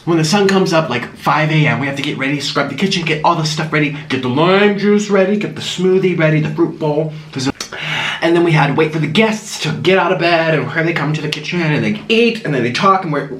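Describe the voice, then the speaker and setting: A man vlogging as he eats, telling a story in an animated way and gasping and murmuring between bites. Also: fairly high pitch, a little fast, reverberant. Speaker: mukbang vlogger. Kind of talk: storytelling while eating on camera.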